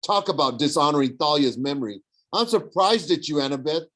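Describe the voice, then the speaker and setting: A man's voice: a little high, lively intonation, brisk, a bit bright, voice pushed up, low-quality recording. A man voicing a smug, sneering young villain who mocks and tempts. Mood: mocking. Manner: sneering, mocking. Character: smug young male villain, mocking and persuasive.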